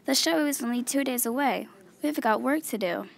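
A woman reading a children's story, voicing an eager young girl in a bright, lively way. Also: a little high, moderate pace, creaky, slight background noise. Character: young girl Minnie, eager dog owner. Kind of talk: character voice in a read-aloud story.

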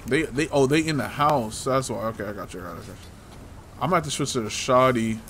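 A man's voice: medium pitch, brisk, fairly bright tone, slight background noise. A man giving loose, casual commentary while playing a game, talking to himself and teasing the hero, with frequent swearing. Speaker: gameplay streamer.

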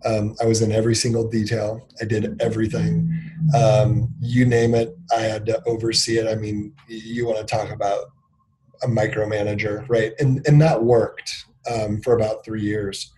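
A company CEO in his thirties speaks frankly and reflectively during an interview, leaning on fillers and briefly acting out bits of conversation. His fairly low voice is level and warm, with slight background noise.

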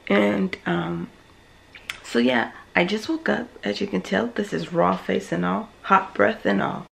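Gravelly whispering woman, chatty morning vlog. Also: mid-range voice, unhurried, rough recording. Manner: whispering softly so the kids sleep; chatty, rambling, self-conscious. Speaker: vlogger, mother of four. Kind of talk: casual morning vlog chat. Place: dark home kitchen.

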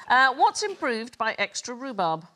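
A woman's voice: fairly high pitch, moderate pace. An English woman hosting a TV panel quiz, telling stories with fillers and laughter. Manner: animated storytelling with fillers and laughs. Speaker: quiz show host. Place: TV studio with audience.

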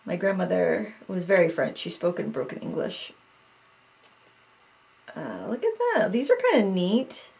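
A woman's voice: on the low side, big pitch swings, measured pace, creaky, long pauses, a little mellow. A woman craft vlogger from Maine, chatting casually and thinking aloud as she sorts through old things, often joking at her own expense. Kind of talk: casual chat.

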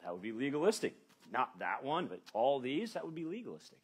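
A man preaching a sermon in church, with a husky, slightly breathy voice. His pitch rises and falls a lot as he leans into his points and acts out quoted speech. The delivery is emphatic and conversational. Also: very animated, brisk. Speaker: pastor. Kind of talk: expository sermon.

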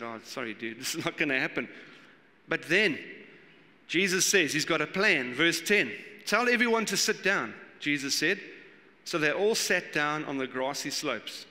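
A man's voice: a little high, bright, forceful tone. A South African man preaching a casual, story-driven sermon, acting out voices and laughing as he goes. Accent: South African English. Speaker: pastor. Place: church hall. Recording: long hall reverb.

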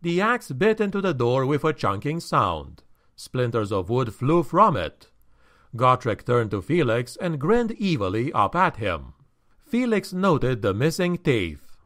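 A man reading a fantasy audiobook in a measured, expressive storytelling manner. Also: mid-range voice. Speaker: audiobook narrator. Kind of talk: scripted fantasy audiobook narration.

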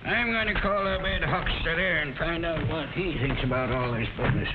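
Cranky old country grandpa played by an actor, high and tinny, hissy 1940s film sound. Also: male voice, normal speed, lightly acted. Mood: grumbling. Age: older. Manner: folksy rural drawl, stubborn grumbling. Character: grumpy old grandfather wary of new phones. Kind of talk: 1940s educational film acting.

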